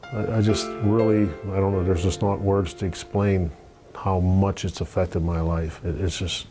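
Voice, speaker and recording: A middle-aged man giving a halting testimonial in an interview, with many fillers and restarts. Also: low-pitched, level tone. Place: office. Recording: guitar music playing clearly underneath.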